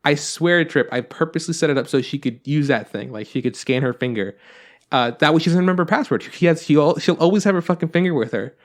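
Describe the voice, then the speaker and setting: A man's voice: fairly high pitch, quick pace. Rambling, foul-mouthed man hosting a podcast. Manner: rambling storyteller, swears freely. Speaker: podcast host. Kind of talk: casual chat.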